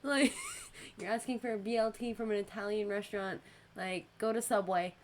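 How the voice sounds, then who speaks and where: A young woman hosts a casual podcast, telling work stories at a moderate pace. She's an animated storyteller who laughs often and acts out customers in high voices. There's slight background noise.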